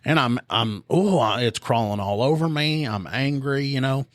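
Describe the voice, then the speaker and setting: A man's voice: mid-range voice, normal speed, no echo, clean studio sound. A man casually telling a story on a podcast, animatedly acting out both sides of an argument on a phone call. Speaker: podcast co-host.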